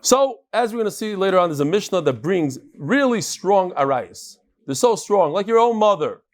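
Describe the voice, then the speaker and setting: A man teaching a daily Talmud class to a live group in a study hall. He talks in an animated, joking way and walks through a chart. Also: high-pitched, moderate pace. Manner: animated, joking, explains with a chart and laser pointer.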